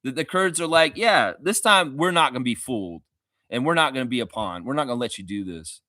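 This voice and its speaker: Male livestream host, casual and animated, bright and forceful voice, dry close sound. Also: medium pitch, brisk, no room sound. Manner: animated, profane, talks to chat viewers. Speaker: fan show host.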